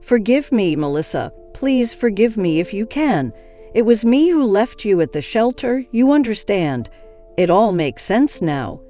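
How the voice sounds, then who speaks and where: A woman's voice: mid-range voice, very animated, unhurried, dark tone. A woman voicing a remorseful elderly former midwife in a confessional, pleading manner, in an audio story. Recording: faint music behind.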